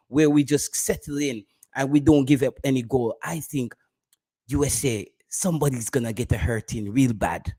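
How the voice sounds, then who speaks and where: A man's voice: medium pitch, darkish tone. A man with a Jamaican accent, hosting a casual live stream about football, bantering with his chat and laughing often.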